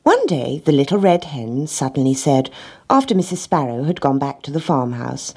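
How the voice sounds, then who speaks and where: Husky low woman reading a storybook. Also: expressive, normal speed, darkish tone. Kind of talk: storybook read-aloud.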